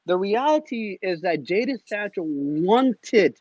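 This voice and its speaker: A man's voice: high-pitched, expressive, slow, a little mellow, no echo, dull audio. A man speaking as a guest panelist, ranting in an exasperated way as a fan. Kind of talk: passionate fan rant.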